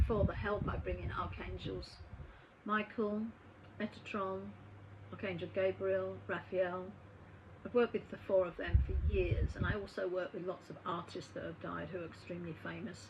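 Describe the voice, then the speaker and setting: Through lo-fi, noisy audio with a humming background, a woman who's a medium and healer narrates a story conversationally, voicing the dialogue. Her voice is lowish, with little pitch movement, at normal speed.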